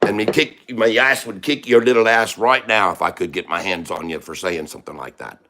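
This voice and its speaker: Cheeky Irish leprechaun as a streamer puts him on, put-on Irish accent, boastful and teasing, fairly low male voice. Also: a little fast, sharp tone. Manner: cheeky, mock-tough, teasing chat viewers. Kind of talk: live-stream chat in a put-on voice.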